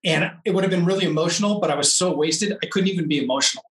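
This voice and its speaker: A man telling a long personal story in a casual interview, animated and laughing often. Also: a little high, racing, roomy sound, far from the mic, rough recording. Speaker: interview guest, off-road racer.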